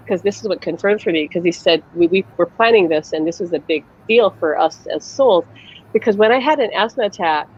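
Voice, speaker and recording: A woman's voice: mid-range voice, muffled recording, a little hiss or hum. A woman psychic medium hosting a casual live-stream conversation, telling stories animatedly and laughing often. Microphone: video call.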